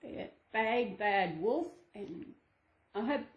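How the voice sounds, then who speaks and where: A woman's voice: mid-range voice, lively intonation, takes it slowly, muffled recording. A woman channel host reading a children's storybook aloud to her dolls, sing-song with chatty asides. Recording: echoey room.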